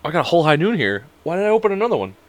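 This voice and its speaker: A man's voice: a little high, sing-song, rapid-fire. A young man hosting a casual solo podcast, joking around, rambling and swearing a lot. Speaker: podcast host.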